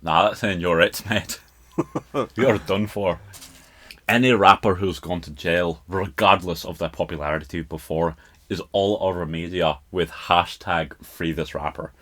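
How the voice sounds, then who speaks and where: A man's voice: deep voice, measured pace, fairly bright tone. A Scottish man hosting a podcast, casually talking through a rap song and laughing at his own accent. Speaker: podcast host.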